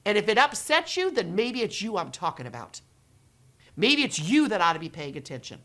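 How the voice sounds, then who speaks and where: A middle-aged woman educator talks directly to her viewers with a lively, swooping pitch. She turns dramatic, acting out the reactions she expects with gasps and hushed whispers. Her voice sits in the middle of the usual range. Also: brisk. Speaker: educator running her own company and channel. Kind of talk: direct-to-camera talk.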